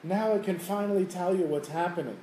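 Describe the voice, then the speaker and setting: A wise elderly Rebbe, as a man puts him on, calmly lays out his reasons. The voice is mellow and a bit high. The room echoes around it. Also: a little fast, a little hiss or hum, lightly acted. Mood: explaining. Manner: calm explaining. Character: wise elderly male Hasidic Rebbe, calm. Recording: roomy room, faint ambience.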